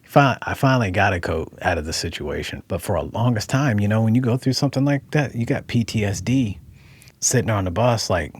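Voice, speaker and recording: Middle-aged man from Ohio, husky and low, lively storyteller. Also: a little fast. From Dayton, Ohio. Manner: animated, conversational, acts out quotes. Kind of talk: personal storytelling.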